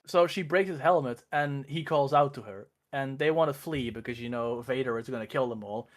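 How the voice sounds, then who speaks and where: A young adult man chatting casually and rambling, with frequent restarts and laughter. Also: mid-range voice. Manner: rambling, quick, laughs often, many restarts. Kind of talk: casual stream chat.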